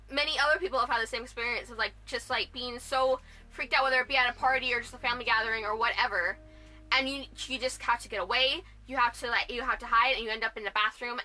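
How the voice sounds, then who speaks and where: A woman's voice: a little high, sharp tone. A young woman talking casually in a vlog, rambling and restarting with lots of fillers. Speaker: vlogger.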